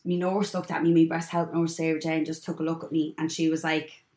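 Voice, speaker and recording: A woman's voice: sits low, fairly quick. A woman in her twenties with an Irish accent, telling a personal story as a guest in casual chat, acting out what others said. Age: 20s. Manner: animated storyteller, acts out others' lines. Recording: echoey room.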